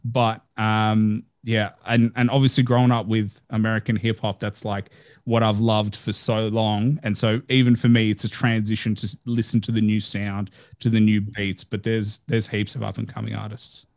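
Musician guy on a podcast, low flat voice, chill and thoughtful. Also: moderate pace, dry recording, studio quality. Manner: relaxed, reflective, with fillers. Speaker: musician guest. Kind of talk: casual interview chat.

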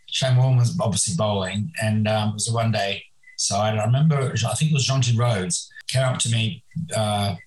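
A man in his sixties reminisces as a podcast guest, with a somewhat low voice. He rambles and halts, restarting his sentences often as he searches his memory. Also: low-quality recording. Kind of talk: remote podcast interview.

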